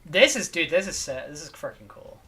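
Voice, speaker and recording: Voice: mid-range voice, sing-song, fairly quick, fairly bright tone. A laid-back livestreamer chatting casually with viewers, tired and rambling, repeating phrases with lots of filler words. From not from Spain, lives in Spain. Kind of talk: casual stream chat.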